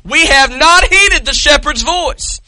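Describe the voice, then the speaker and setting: Impassioned preacher, high bright voice. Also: male voice, expressive, takes it slowly, no room sound, poor audio. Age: adult parent. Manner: impassioned, dramatic storytelling, swings to shouting. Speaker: pastor. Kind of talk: sermon.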